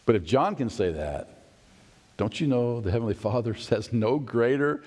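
This middle-aged male pastor has a mid-range, darkish voice that is expressive and moves at a normal speed. During his sermon he recounts a family tale, performing the characters' voices and slipping in asides.

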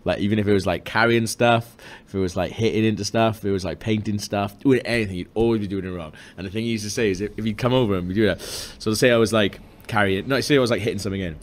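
A man's voice: on the low side, quick pace. A man telling rambling stories and laughing through casual gaming banter. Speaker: let's play co-host.

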